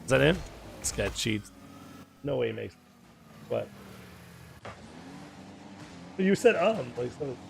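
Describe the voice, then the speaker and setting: A young man with a hoarse, sore throat, chatting casually with viewers while streaming a game and swearing freely. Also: medium pitch, sing-song, normal speed, a little hiss or hum. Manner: chatty, swears freely, calls people dude. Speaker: gaming streamer. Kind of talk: casual gaming chat with viewers. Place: home gaming setup.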